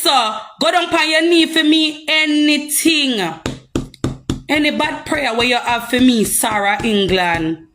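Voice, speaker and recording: Young jamaican woman going off on her live, high voice, sharp and bright, keeps hammering the same points. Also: measured pace. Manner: heated, confrontational, repetitive. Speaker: social media personality. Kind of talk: live-stream rant.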